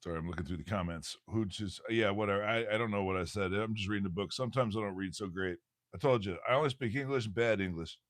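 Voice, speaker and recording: A man's voice: fairly low pitch, quick pace, no echo, studio quality. A man hosting a casual livestream, reading aloud from a bird textbook, stumbling over words and cracking jokes as he goes. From United States.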